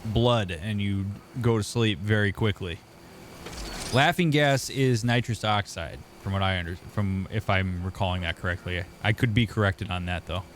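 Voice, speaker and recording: A man's voice: on the low side, normal speed, a little hiss or hum. A young man, a therapist streaming a game, chatting casually and answering viewers by name. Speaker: therapist streamer reading chat. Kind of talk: casual gaming stream chat.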